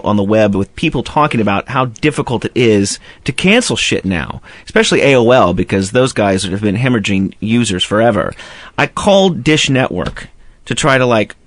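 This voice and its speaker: A man's voice: medium pitch, dry recording. A man hosting a radio talk show, telling a long profane story and acting out both sides of a phone call. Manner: profane storytelling with mimicked dialogue. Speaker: radio host. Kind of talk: casual radio banter.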